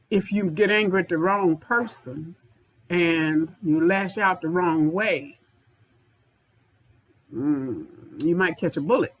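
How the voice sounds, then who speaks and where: A woman's voice: mid-range voice, poor audio. A woman anger management therapist giving an informal self-help talk, speaking directly to viewers and repeating points for emphasis.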